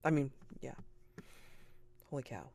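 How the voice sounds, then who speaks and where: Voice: medium pitch, expressive, a little slow, vocal fry, darkish tone. A game master wrapping up a tabletop role-playing session, talking in a rambling, enthusiastic way with many fillers.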